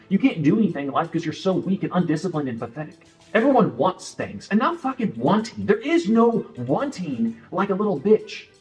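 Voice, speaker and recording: Blunt, profane man with a high voice. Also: darkish tone, lo-fi sound. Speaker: motivational speaker. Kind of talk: motivational monologue.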